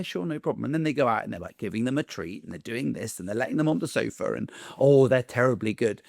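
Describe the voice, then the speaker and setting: A man's voice: medium pitch, gravelly, darkish tone, dry recording, clean studio sound. A man, a dog trainer, talking casually to camera in a chatty way and acting out other people's lines in raised voices.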